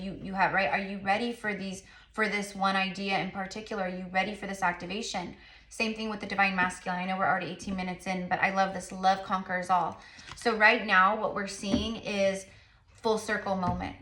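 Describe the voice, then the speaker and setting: A woman's voice: mid-range voice, pushed and bright, echoey room. A woman giving a casual spiritual tarot reading to her viewers, rambling with lots of fillers and repeated affirmations. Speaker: tarot reader and psychic.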